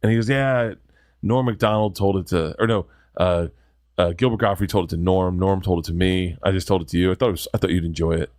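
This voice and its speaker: A comedian man with a slightly low voice tells stories in a rambling, excitable way, swearing freely in casual podcast chat. The sound is dry and close to the mic. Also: fast talker, dry recording. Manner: rambling, excitable, profane storytelling.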